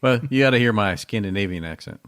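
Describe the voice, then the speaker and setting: Lower-voiced playful podcast co-host. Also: male voice, a bit bright. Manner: playful, chatty, quick to agree. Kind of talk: casual true crime podcast chat.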